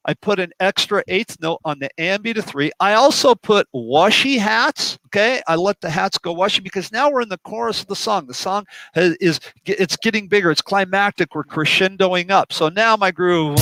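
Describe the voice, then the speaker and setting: A drum teacher talking through a song chart in a relaxed roundtable, counting beats aloud as he demonstrates grooves. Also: high-pitched, normal speed, few pauses, over music, low-quality recording.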